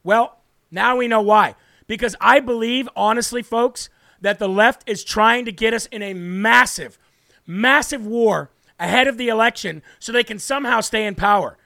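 A man's voice: high-pitched, moderate pace, vocal fry, bright, forceful tone, no room sound, clean studio sound. A man hosting a live political talk show, delivering brash, emphatic commentary with punchy lists and repeated phrases.

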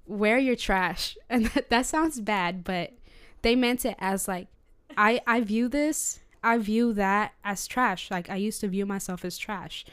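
A woman co-hosting a casual faith podcast, speaking earnestly and personally, with a light nervous laugh now and then. Her voice is clear and smooth, at a middle pitch for a woman. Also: unhurried, fairly bright tone. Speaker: co-host of a Christian podcast.

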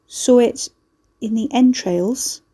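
A woman's voice: fairly high pitch, sing-song, fairly quick, mellow, pitched above the performer's own voice. Woman voicing an anxious, wary young woman. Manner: anxious, questioning. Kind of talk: audiobook character voice.

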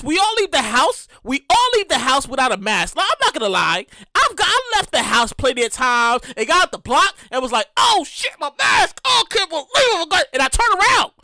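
A man hosting his own podcast in a casual solo monologue, animated and profane, often repeating himself. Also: very high voice, dry recording. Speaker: podcast host.

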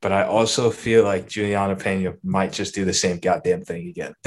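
A young man co-hosting a casual podcast chat, relaxed and a bit hesitant, thinking out loud. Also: low voice, normal speed. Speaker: podcast co-host.

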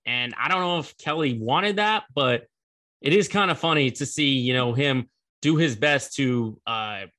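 A man's voice: a little high, sharp tone. A young man hosting a casual sports commentary show, chatty and rambling, laughing at the story.

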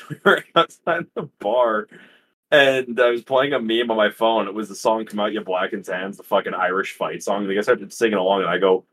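A man's voice: fairly low pitch, normal speed, fairly bright tone. A young man co-hosting a podcast, chatting casually, rambling and swearing with frequent laughter. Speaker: podcast co-host. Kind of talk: casual chat.

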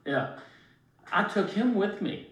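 A man telling a story as a guest in casual talk, emphatic and animated, swearing freely. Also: sits high, slow. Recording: roomy, distant mic.

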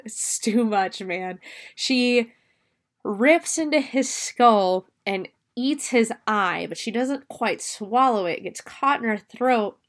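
A woman's voice: mid-range voice, fairly bright tone. A young woman casually recapping a film scene by scene, chatty and swearing freely. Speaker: movie reviewer. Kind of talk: casual spoken movie recap.

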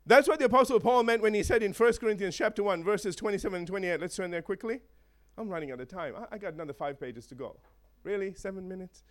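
A man preaching a sermon to a congregation, animated and laughing often, checking in with the listeners. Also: sits high, fast, few pauses. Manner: animated, laughing, acts out voices of chickens and eagles; asks the congregation for responses.

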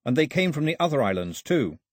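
Fierce island boy, sharp and quick, husky, voiced by the narrator. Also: a little high, big pitch swings, dry recording, clean studio sound, pitched above the performer's own voice. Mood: blunt. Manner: blunt, fast, sharp.

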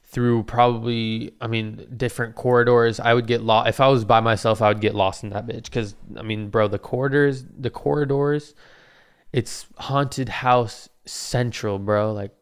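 Young dude telling a story, cursing a lot, slangy and rambling, middle pitch. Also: male voice, little pitch movement, moderate pace, clear, resonant tone. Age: young adult. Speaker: vlogger. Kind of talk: casual storytelling.

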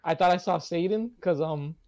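A young man with a somewhat high voice chats on a casual podcast. He rambles through his stories, swearing constantly. The sound is close and dry. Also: moderate pace, darkish tone, dry recording. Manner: rambling storyteller, swears a lot. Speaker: podcast co-host.

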